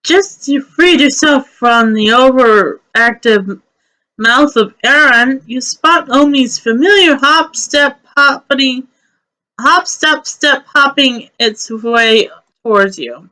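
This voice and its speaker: A woman's voice: high-pitched, takes it slowly, pushed and bright, low-quality recording. A woman narrating a fantasy game's story aloud, in a storybook manner. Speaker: let's play narrator. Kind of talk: reading game story aloud.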